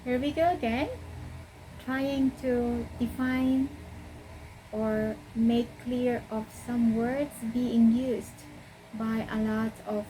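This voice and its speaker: A woman's voice: fairly high pitch, warm tone, slight background noise, low-quality recording. A woman from the Philippines with a Filipino accent, explaining an English word in a casual, repetitive video lesson. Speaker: English teacher.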